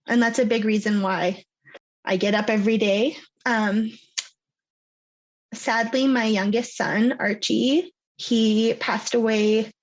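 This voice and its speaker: A woman's voice: on the high side, low-quality recording. Cypriot-canadian accented woman, 30s, guest on a podcast, chatty with lots of um and like. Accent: mixed Cypriot English and Canadian. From Cyprus. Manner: chatty, laughs often, many fillers like um and like. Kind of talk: casual interview chat.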